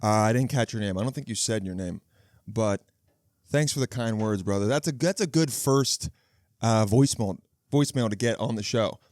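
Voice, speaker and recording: A man's voice: fairly low pitch, moderate pace, a little mellow, dry recording. A man in his thirties hosting a casual solo podcast, rambling and joking with plenty of swearing and restarted phrases, close on the mic. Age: 30s. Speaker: podcast host. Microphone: close studio mic.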